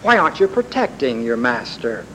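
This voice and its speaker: A man's voice: medium pitch, big pitch swings, moderate pace, a bit bright, pitched below the performer's own voice, low-quality recording. Man voicing a young warrior, bold, devout, earnest, faint hiss. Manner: earnest retelling in the preacher's own voice.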